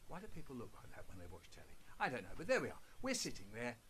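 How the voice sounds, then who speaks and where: A man telling a funny story, switching between a shouting mum and a sheepish child. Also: mid-range voice, wildly swooping pitch, rapid-fire, slight background noise.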